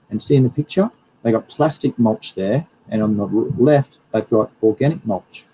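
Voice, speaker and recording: On poor audio with slight background noise, a man with a lowish, dark-toned voice and lively intonation speaks at a moderate pace. He's a plant scientist hosting a casual live stream, chatting and rambling through his slides and often correcting himself.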